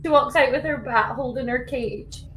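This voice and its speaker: A woman playing her character in a tabletop game, giggly, putting on a high voice for her character's lines. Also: normal speed, crowd noise. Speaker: player. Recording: faint background noise.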